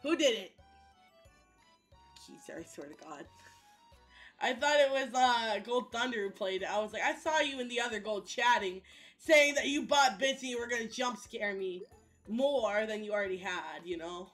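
A young woman streaming a game, chatting loosely with her chat, swearing and breaking into loud outbursts and chanted sound effects. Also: a little high, animated, moderate pace. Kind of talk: casual gameplay commentary to chat. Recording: faint music behind the voice.

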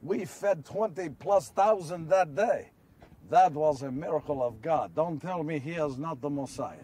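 A man's voice: a little high, a little slow, breathy edge, far from the mic. A man playing an earnest apostle who recalls miracles in a first-person monologue, telling the story and asking his listeners questions, recorded outdoors. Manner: storytelling, rhetorical questions to listeners, builds to shouts. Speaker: actor in a one-man biblical monologue. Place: outdoors on location.

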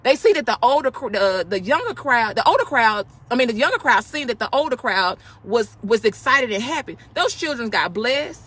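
A woman hosting a casual devotional talk, speaking with excitement and emphatic repetition. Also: fairly high pitch, normal speed, hardly any pauses, husky. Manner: excited, emphatic, with repeated phrases.

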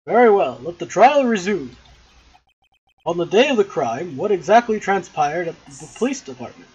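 A woman with a husky voice voicing a stern older male judge, deliberate and solemn, on dull lo-fi audio. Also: lowish voice, sing-song, a little mellow, exaggerated voice.

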